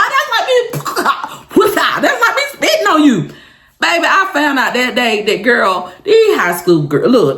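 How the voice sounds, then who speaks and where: A woman's voice: high-pitched, roomy sound, a little hiss or hum. A young woman, telling a dramatic school story in a casual vlog, laughing often. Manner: animated, laughing, dramatic retelling. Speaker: storytime vlogger.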